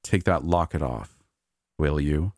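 A man reading as a sly, sinister male creature in a horror audiobook, speaking slowly and deliberately with a mocking edge. The voice is very deep, and the recording is dry and close, with no room sound. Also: a little mellow, no room sound, exaggerated voice. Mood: smug, scheming.

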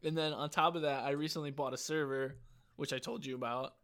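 A man's voice: on the high side, fairly even intonation, brisk, fairly bright tone, clean tone. Rambling, profane young man on a podcast. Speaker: podcast co-host. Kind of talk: casual podcast chat.

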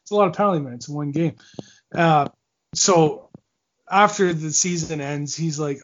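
A man, a former hockey player, telling lively stories as a guest in a casual podcast interview, acting out quotes and laughing often. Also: fairly high pitch, normal speed. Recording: dull lo-fi podcast audio.

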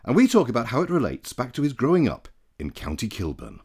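A man hosting a podcast, introducing the next segment in a lively way. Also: mid-range voice, fast talker, creaky, husky. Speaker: podcast host. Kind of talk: show link narration.

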